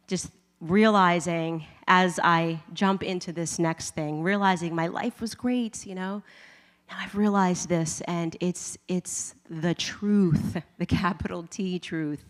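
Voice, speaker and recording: Woman from the United States, lowish voice, casual storytelling testimony, long hall reverb. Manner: chatty, frequent "like", laughs between lines. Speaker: speaker giving a faith testimony. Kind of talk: personal storytelling talk.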